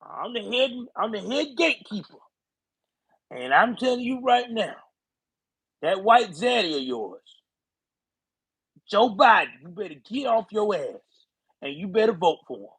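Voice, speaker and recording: A man's voice: sits high, big pitch swings, a little slow, long pauses, fairly bright tone, husky, dry recording, pitched above the performer's own voice, full character voice. Man doing a blustering, bossy old politician. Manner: commanding, scolding, folksy drawl. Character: gruff older male politician, bossy and blustering.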